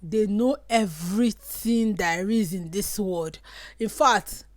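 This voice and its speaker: A young Nigerian woman with a Nigerian accent, chatting casually to camera and mixing Pidgin asides into her lively storytelling. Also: medium pitch, slow, dry recording. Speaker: vlogger.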